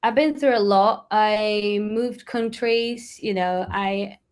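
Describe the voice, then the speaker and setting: A woman's voice: mid-range voice, takes it slowly, smooth. A woman from Brazil with a Brazilian accent, a musician chatting casually as an interview guest, rambling with lots of fillers.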